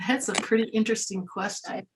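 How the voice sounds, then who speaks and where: A young woman reading a picture book aloud to children, animated, with gasps, laughs and questions to her listeners. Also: fairly high pitch, brisk, background noise. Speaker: museum educator reading to children. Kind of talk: storytime read-aloud.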